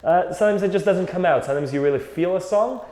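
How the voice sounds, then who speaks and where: A man's voice: high voice, quick pace, a little mellow. Reflective male accordion teacher, roomy sound. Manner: thinks aloud, loose and reflective. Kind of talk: casual music lesson. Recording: roomy echo, faint accordion.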